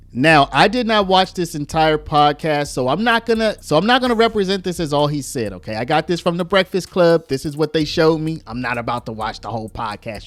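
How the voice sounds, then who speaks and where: A man's voice: fairly high pitch, a bit bright, dry recording. A man giving argumentative commentary on played clips, explaining step by step with rhetorical asides.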